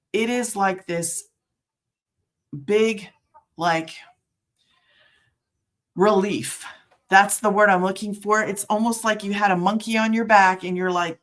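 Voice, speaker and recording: Middle-aged woman, regular vlog host, chatty and meandering, breaks off mid-sentence, quick to laugh. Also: medium pitch, a bit bright. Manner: rambling, self-interrupting, laughs often. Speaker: work-from-home business promoter. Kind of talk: casual livestream chat.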